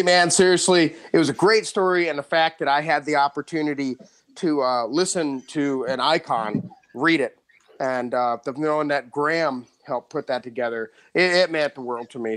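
A man hosting a podcast, telling a story in casual chat, excited, with frequent restarts and laughs. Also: on the high side. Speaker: podcast host.

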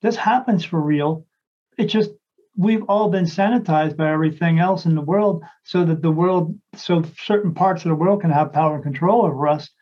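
A man's voice: a little high, moderate pace, dark tone, dull audio. A man, a psychic medium, chatting casually and telling a long story in a rambling way, with lots of restarts and acted-out quotes.

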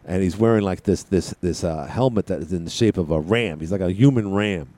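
Brisk and warm, this low male voice belongs to a call-in radio host. He keeps the chat rambling and playful, full of side tangents.

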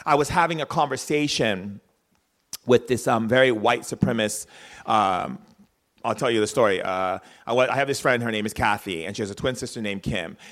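A man telling personal stories in an earnest, preachy talk, swinging between hushed and loud. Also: mid-range voice, a little fast. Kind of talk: spoken storytelling talk.

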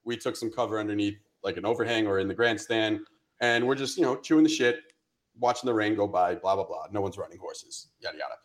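A man's voice: fairly low pitch, fast talker. Profane young man telling a story. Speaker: podcast co-host. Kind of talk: casual chat.

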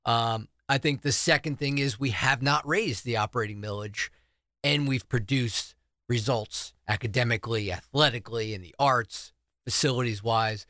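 A man's voice: medium pitch, moderate pace, sharp tone, no echo, clean studio sound. A middle-aged man from New Jersey, a school superintendent answering radio interview questions earnestly and walking through budget figures. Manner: earnest, explains with figures and numbers. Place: radio studio.

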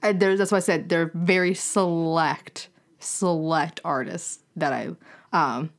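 Speaking slowly in a lowish, fairly even voice, a young woman from the American South chats casually as a podcast co-host. She laughs a lot and often starts her sentences over.

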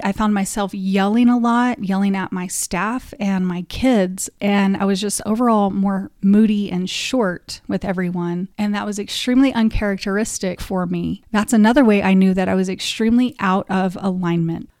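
A woman sits close to the mic in a dry, deadened space and tells a deeply personal story. Her pitch sits in an ordinary middle range for a woman, and her manner is heartfelt and confessional. She lets her feelings show openly as she talks. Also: darkish tone, no echo. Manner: openly emotional at times. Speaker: podcast host.

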